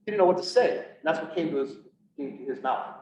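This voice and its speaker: Man, fairly high voice, earnest and halting storyteller addressing a room; recorded from a distance, dull and echoey. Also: expressive, darkish tone. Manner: earnest, halting, with frequent restarts. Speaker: public speaker on PTSD. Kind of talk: personal storytelling talk. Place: event room, speaking to an audience.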